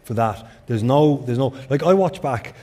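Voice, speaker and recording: A man who used to play the game, talking football in a casual, animated way, full of fillers and restarts. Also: mid-range voice. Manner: animated, quick storytelling with repeated fillers. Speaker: pundit, former player.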